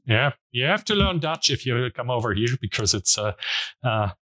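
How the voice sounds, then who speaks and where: A man's voice: medium pitch, very animated, normal speed, sharp tone, poor audio. A man with a German accent, a guest scientist speaking English as a second language in a hesitant way, full of ums and uhs. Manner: hesitant, many ums and uhs, laughs easily. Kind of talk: interview answers.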